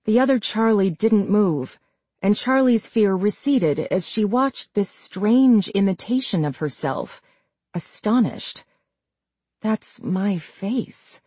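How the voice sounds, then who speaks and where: A woman narrating a horror novel as an audiobook, reading in a slow, measured way. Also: mid-range voice, warm tone, no room sound. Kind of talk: scripted narration.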